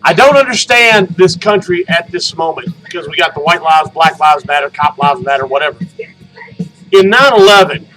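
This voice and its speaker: Middle-aged male podcast host, high voice, rambling and profane monologue, faint music behind. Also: lively intonation, moderate pace, low-quality recording. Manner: rambling, profane storytelling with loud outbursts.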